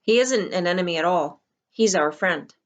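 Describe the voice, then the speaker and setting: A woman reads the part of a small boy under a spell, speaking with a cold, bland calm. His words come slowly and reasonably, never rising to anger. It sits a little low for a child. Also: muffled recording, natural voice. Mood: eerily calm. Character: boy, the young protagonist's hypnotized little brother, cold and eerily calm.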